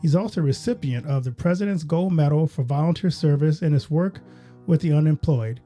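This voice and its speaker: A man's voice: fairly high pitch, brisk, warm tone, faint music behind. A man hosting a podcast, introducing his guest and asking questions in an upbeat way. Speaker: podcast host. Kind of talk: podcast interview.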